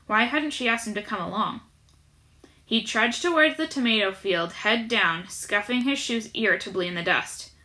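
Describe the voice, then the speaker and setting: A woman narrating a children's novel aloud as an audiobook, in a lively, expressive storytelling manner. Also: medium pitch. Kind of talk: audiobook reading.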